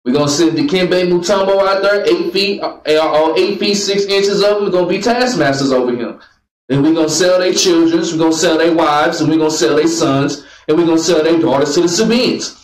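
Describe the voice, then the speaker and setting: Guy with a high voice preaching a bible lesson, bossing the reader around, roomy echo. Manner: calls out commands to a reader, jokes with the crowd. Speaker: Bible teacher. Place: meeting room with a group.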